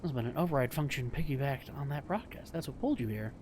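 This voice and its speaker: A man putting on a gruff voice for a tough courier while voicing a game on a stream. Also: medium pitch, lively intonation, fast talker, a little mellow, slight background noise, pitched below the performer's own voice, lightly acted. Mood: determined. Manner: gruff, clipped delivery.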